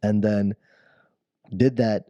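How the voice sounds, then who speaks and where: A man's voice: on the low side, steady tone, slow, dark tone, no room sound, dull audio. A man co-hosting a podcast, telling a childhood story in casual chat, rambling and breaking off to laugh at himself. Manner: rambling, self-interrupting storyteller who laughs at his own story. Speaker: podcast co-host.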